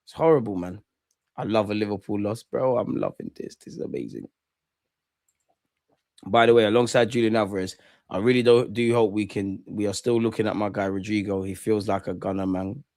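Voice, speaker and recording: Gloating football streamer, dry sound. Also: male voice, lowish voice, brisk, no room sound. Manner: excitable, gloating banter with slang. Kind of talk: live football watchalong commentary.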